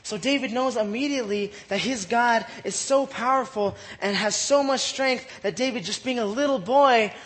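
A man's voice: very high voice, moderate pace, hardly any pauses, fairly bright tone, in a large hall. A man leading a casual Bible study, reading verses aloud and retelling them in chatty slang with frequent laughs.

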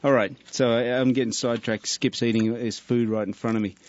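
A man's voice: medium pitch, steady tone, brisk. A middle-aged man with an Australian accent, a jokey, laid-back radio guest. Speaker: studio guest, musician. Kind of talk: casual radio chat. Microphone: studio microphone. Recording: dull lo-fi radio studio.

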